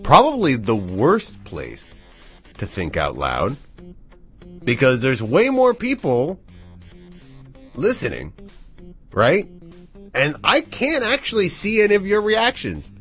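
A man hosting a live radio show in a studio, rambling and thinking out loud into the microphone. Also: medium pitch, breathy edge. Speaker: radio DJ and host. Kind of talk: casual live radio chat.

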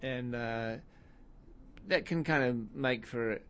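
A man's voice: mid-range voice, slow, fairly bright tone, clear, resonant tone. Rambling middle-aged man telling stories. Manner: rambling storyteller, self-deprecating, many fillers. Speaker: musician guest. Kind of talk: casual interview chat.

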